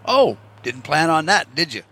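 A man's voice: a little high, very animated, moderate pace, bright, forceful tone. Profane rambling man musing aloud. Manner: profane, musing, rhetorical what-ifs. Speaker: vlogger. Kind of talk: rambling casual monologue.

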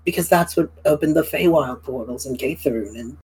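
A woman's voice: rumbling low, brisk, a little mellow, slightly rough, poor audio. A woman player speaking in character during a tabletop role-play game, playful and self-mocking.

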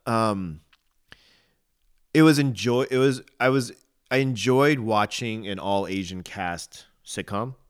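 Low-voiced guy on a podcast, chatting casually, trips over his words a lot but has firm opinions. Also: slow, clean tone. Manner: hesitant, restarts sentences, opinionated. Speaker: podcast co-host. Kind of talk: casual chat.

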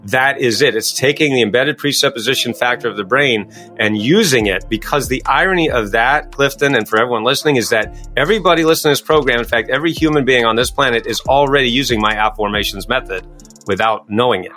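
A middle-aged man talking as a guest in an interview, coaching and explaining his method in a quick, emphatic way. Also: mid-range voice, faint music behind. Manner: fast, energetic, emphatic. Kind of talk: interview answers.

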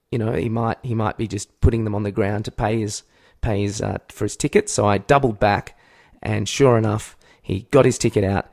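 Australian male podcast co-host, low gravelly voice, lively storyteller who acts out his shouts. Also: a little fast, few pauses. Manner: animated storytelling, acts out shouts, swears freely. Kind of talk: casual comedic chat.

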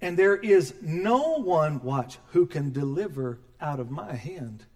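A middle-aged man preaching a sermon as pastor, animated and joking, acting out quoted voices. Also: a little high, takes it slowly.

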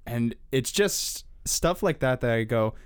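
A young college student telling a story on a podcast, doing mumbled impressions of strangers. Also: male voice, mid-range voice, animated, measured pace, smooth, dry recording. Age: young adult. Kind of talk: casual podcast chat.

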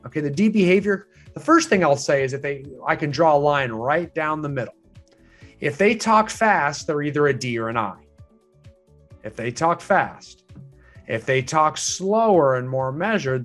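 Emphatic male sales trainer. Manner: emphatic, repeats points, asks rhetorical questions; swings pitch up and down for emphasis. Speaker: real estate sales trainer. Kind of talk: training lecture.

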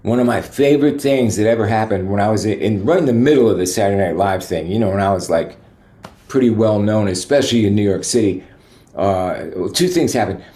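Low-voiced man telling rambling anecdotes. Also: brisk, dark tone, reverberant. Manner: rambling, peppered with "you know". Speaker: guest musician. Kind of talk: relaxed anecdotal storytelling.

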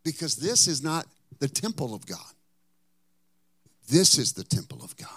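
Emphatic storytelling preacher, dry close sound. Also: male voice, a little high, big pitch swings, a little slow, no echo. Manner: storytelling preacher, rising to loud emphatic outbursts; drops to a whisper for emphasis. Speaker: pastor. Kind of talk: sermon.

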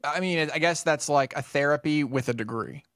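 A man co-hosting a casual podcast, telling rambling stories full of swearing and animated retellings. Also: on the high side, moderate pace, no room sound, studio quality. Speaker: podcast co-host.

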